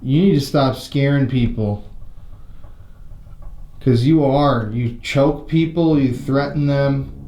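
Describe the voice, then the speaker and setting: A man's voice: medium pitch, slow, long pauses, warm tone, echoey room. A man investigating the paranormal, confronting and taunting a ghost, swearing now and then. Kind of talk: provoking a ghost during an investigation. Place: inside an old historic building at night.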